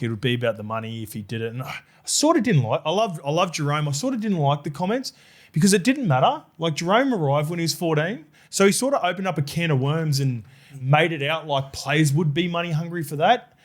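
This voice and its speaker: Hesitant New man, higher voice. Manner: thoughtful, hesitant, many restarts. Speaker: podcast co-host. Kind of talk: casual sports podcast chat.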